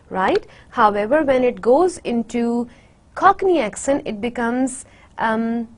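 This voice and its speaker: A woman's voice: a little high, expressive, takes it slowly. A woman giving a university literature lecture, hesitant with many fillers, repeating words to demonstrate their sounds.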